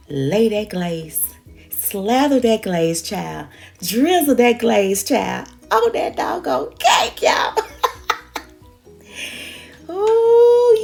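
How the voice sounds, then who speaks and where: Exuberant older woman cooking. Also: medium pitch. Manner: exuberant, folksy, talks straight to viewers. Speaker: cooking show host. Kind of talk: casual cooking demonstration.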